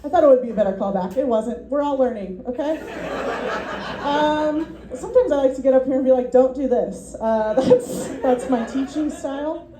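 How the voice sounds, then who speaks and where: A woman's voice: sits high, moderate pace, a crowd in the background. Rambling woman comic in a roomy venue. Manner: rambling, self-deprecating, with filler ums and laughs. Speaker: stand-up comedy teacher. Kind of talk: stand-up set at a student showcase.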